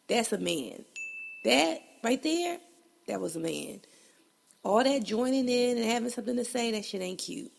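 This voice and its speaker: A woman's voice: fairly high pitch, animated, normal speed, vocal fry. A woman hosting a casual solo podcast, blunt and profane, laughing often, a bit congested. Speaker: podcast host.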